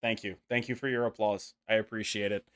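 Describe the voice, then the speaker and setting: A man hosting a casual gaming podcast, animated and jokey, laughing often. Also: on the low side, brisk. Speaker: podcast host.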